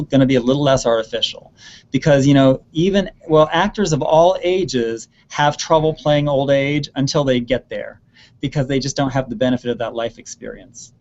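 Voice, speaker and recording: A man answering student questions about performing, in an earnest, steady voice with a middle pitch. He doubles words for emphasis ("really, really careful"). The web call audio is muffled and lo-fi. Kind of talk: advice in an online Q&A. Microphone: video call.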